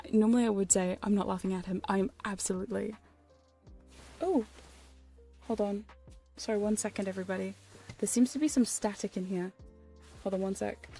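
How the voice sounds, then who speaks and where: A woman chatting in a whispered ASMR livestream, soft and breathy, laughing and swearing casually between close-mic whispers. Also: mid-range voice, normal speed, long pauses, faint music behind. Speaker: ASMR hypnosis streamer. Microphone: studio condenser mic close up.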